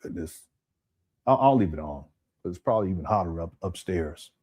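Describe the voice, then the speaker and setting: A man's voice: low-pitched, animated, moderate pace, highs cut off. A man hosting a casual live stream at home, rambling and repeating his words as he talks to his chat. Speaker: commentary channel host. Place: hot home room.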